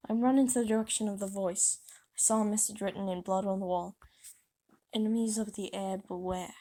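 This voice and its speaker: A woman's voice: mid-range voice, steady tone, fairly quick, mellow. Woman casually reading her story aloud. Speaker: author reading her fanfiction.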